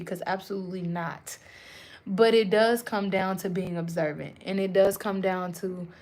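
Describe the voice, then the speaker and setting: Casual young woman giving a spiritual reading. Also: medium pitch. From Puerto Rican and Native American roots. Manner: casual, slangy, animated address to viewers. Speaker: spiritual reader. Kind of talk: live-streamed channeled message.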